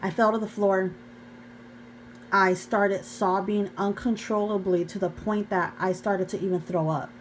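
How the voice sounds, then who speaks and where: A young faith vlogger earnestly tells her viewers an emotional personal story, often calling them "you guys." Her mid-range voice is steady and a little slow, in a low-quality recording with a little hiss or hum.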